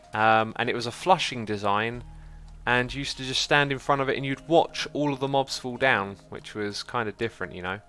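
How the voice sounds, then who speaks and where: A man chats calmly on a livestream in a forceful, bright voice and thanks his viewers at length. His pitch sits in the middle of the male range. Faint music plays underneath. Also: clean tone. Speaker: livestream host reading chat. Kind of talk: casual livestream chat.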